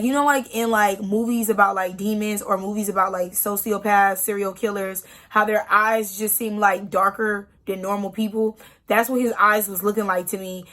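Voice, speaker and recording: A woman's voice: mid-range voice, a bit bright. A young woman in her twenties telling a personal story on her vlog, frank and emotional, with many "like" fillers. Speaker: vlogger.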